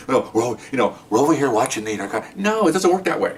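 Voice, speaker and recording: A man's voice: medium pitch, expressive, fast, hardly any pauses, distant mic. An older man, a retired police detective, telling stories from his career in a blunt, wry way and acting out both sides of the conversations. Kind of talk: casual storytelling.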